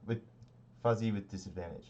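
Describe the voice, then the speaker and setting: A man narrating a tabletop game as game master, in a relaxed, rambling way with many fillers. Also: on the low side, fairly quick, dull audio, slight background noise.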